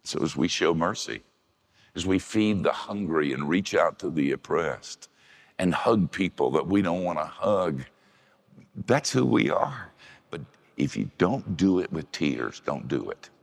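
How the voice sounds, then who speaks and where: An older man preaching in a gravelly, very deep voice, slow and unhurried, his pitch swinging widely as he leans into a point. The sound carries a long reverb, like a large hall. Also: animated. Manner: gravelly, folksy storytelling with shifts into high voices for quoted women. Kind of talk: sermon.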